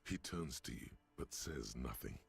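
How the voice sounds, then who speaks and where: A man voicing the narrator of a video game, speaking in a measured, dry way. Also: very deep voice, lively intonation, vocal fry, full character voice. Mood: wry. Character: gravelly deep-voiced male game narrator.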